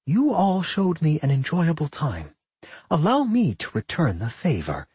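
A man voicing a gleeful, sly male dungeon boss in an audiobook, with a husky, menacing tone. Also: a little high, big pitch swings, a little slow, darkish tone, no room sound, dull audio, voice pushed up, exaggerated voice. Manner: smug, menacing.

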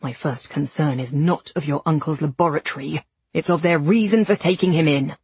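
A woman voicing a brusque, sardonic young gentleman who talks with curt, dry sarcasm. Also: deep voice, normal speed, breathy edge, dry recording, pitched below the performer's own voice, exaggerated voice.

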